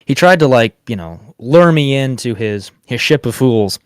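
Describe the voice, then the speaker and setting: A man's voice: mid-range voice, lively intonation, normal speed, smooth, no room sound, studio quality. A man hosting a casual interview, laid-back and joking. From Poland. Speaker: host.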